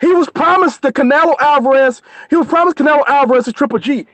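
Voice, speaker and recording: An American man speaks fast in an extremely high, fairly bright voice, captured in a dry recording. Co-hosting a boxing live stream, he rants angrily and never stops swearing.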